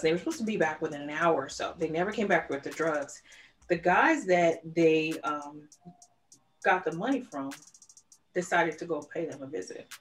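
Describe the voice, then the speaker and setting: A woman with a fairly low voice, co-hosting a casual true-crime podcast. She retells events in an animated, storytelling way, acting out the people in the story as she goes. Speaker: podcast co-host.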